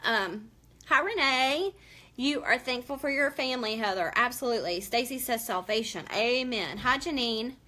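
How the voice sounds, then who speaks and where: A woman's voice: on the high side, animated, normal speed, sharp tone. A woman hosting a casual live-stream makeup tutorial, chatty and emotional as she greets viewers by name.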